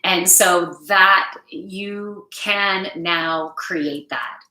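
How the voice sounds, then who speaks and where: Slow, bright-voiced spiritual card reader. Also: female voice, lowish voice, roomy sound, poor audio. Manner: gentle, spiritual, emotive, reads chat aloud. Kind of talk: live card reading for viewers.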